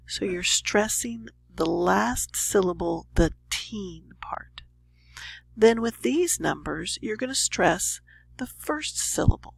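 Slow, gravelly woman teaching English. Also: medium pitch, expressive, dry recording, low-quality recording. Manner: casual and explanatory, drifting into whispers. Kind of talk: explaining a pronunciation lesson.

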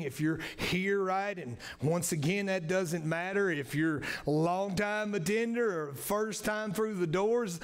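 A man with a high, gravelly voice preaches an earnest sermon in a church. He leans on repetition and keeps checking in with his listeners with "right?" at the end of his phrases. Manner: earnest, repetitive, frequent "right?" tag questions. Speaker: pastor. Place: church sanctuary.

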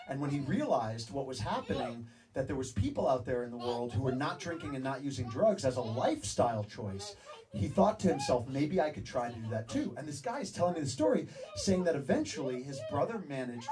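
A man telling an animated story to a live audience, swearing freely. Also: mid-range voice. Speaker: speaker at a live event. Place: venue with audience. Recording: distant mic, audience laughing.

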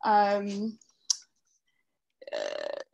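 Woman, soft and unhurried, video call audio, mid pitch. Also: huge pitch swings, gravelly, lo-fi sound. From Jamaica. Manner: soft-spoken, unhurried, many pauses. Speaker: panel artist. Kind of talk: online panel introduction.

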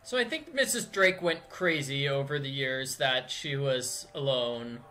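A man's voice: mid-range voice, bright, forceful tone, slight background noise. A man giving chatty, joking commentary while playing a video game. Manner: chatty, joking, drawn-out delivery. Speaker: let's play commentator. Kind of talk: casual gameplay commentary.

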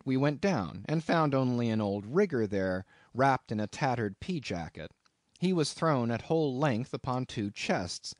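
A man reads an audiobook in scripted narration, telling the story in an expressive yet measured way. His medium-pitched voice is captured dry, with studio-quality sound.

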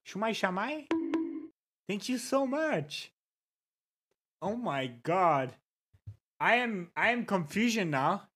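A native French speaker streaming live at a desk mic, chatting casually with viewers. The talk is excitable, breaks into laughs and curses, and greets names from chat. The voice sits at a middling pitch. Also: slow pace, pauses often, breathy edge.

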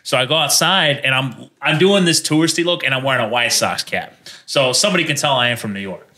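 Cast: male comic, bright forceful voice, crude storyteller, casual podcast banter. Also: mid-range voice, fast. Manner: profane, jokey, acts out voices in his stories. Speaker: comedian podcast guest.

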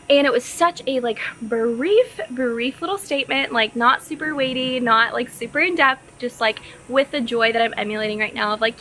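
A woman's voice: a little high, moderate pace, pushed and bright, slight background noise. A young woman from Texas telling a personal story in a casual, earnest and bubbly way, with lots of filler words. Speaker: vlogger.

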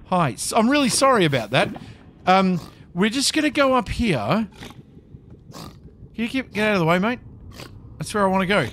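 A man's voice: sits high, big pitch swings, moderate pace, long pauses, a bit bright, slight background noise. A man giving casual gameplay commentary, talking to himself as he plays and repeating phrases with nervous chuckles. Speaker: gaming video creator.

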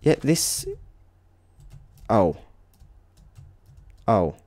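A man's voice: lowish voice, very animated, extremely slow, a little mellow, dry recording. A young man hosting a game channel, giving let's play commentary in an exasperated, rambling way with swearing. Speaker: gaming channel host.

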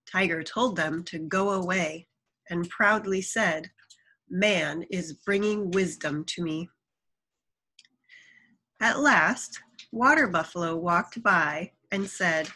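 A woman's voice: mid-range voice, sharp tone, slightly rough, rough recording. A woman reading a children's folk tale aloud, adding chatty asides to the listener. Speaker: storyteller.

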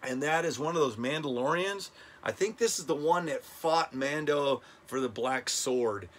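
A man's voice: fairly high pitch, normal speed, fairly bright tone. A middle-aged man hosting a casual toy countdown vlog, enthusiastic and chatty, often stumbling over names. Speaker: toy review channel host.

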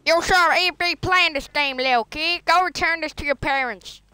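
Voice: very high voice, moderate pace, bright, forceful tone, no echo. A gamer putting on a bratty voice as a self-proclaimed old policeman, taunting other players with repeated insults over game voice chat. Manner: taunting, mocking, repetitive insults. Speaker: online game troller.

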